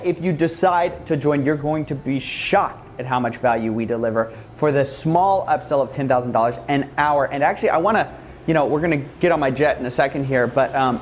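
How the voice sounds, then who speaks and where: A YouTuber giving a sarcastic, mock-humble parody monologue as a boastful online guru. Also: male voice, mid-range voice, a little hiss or hum.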